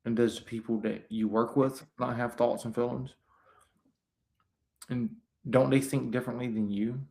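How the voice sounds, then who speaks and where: A man's voice: medium pitch, flat delivery, normal speed, vocal fry, a little mellow. A man hosting a live stream, talking in a rambling, preachy way with many fillers and restarts. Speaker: host. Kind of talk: casual live-stream talk.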